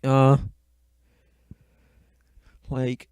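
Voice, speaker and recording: A man's voice: mid-range voice, monotone, extremely slow, darkish tone, clear, resonant tone, no room sound. A man giving a casual recap of a book and movie, swearing constantly with sardonic, rambling asides.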